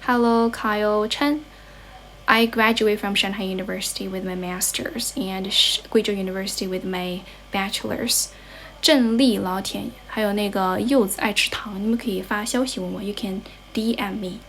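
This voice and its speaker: A young woman whose first language is Chinese chats casually on a livestream, reading viewers' comments and answering them. She speaks at an ordinary pitch, switches into Mandarin, restarts her sentences and corrects herself as she goes. A faint noise sits behind her voice. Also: fairly even intonation, moderate pace, fairly bright tone. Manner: mixes English with Mandarin, chatty, self-correcting. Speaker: English tutor livestreamer.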